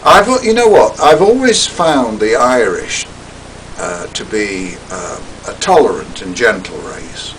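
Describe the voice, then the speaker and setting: Theatrical older man telling a story, slow. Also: on the low side, lively intonation, recorded from a distance, slight background noise, poor audio. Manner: theatrical, wry, drops to hushed asides. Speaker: storyteller giving a talk. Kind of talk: recounted personal story.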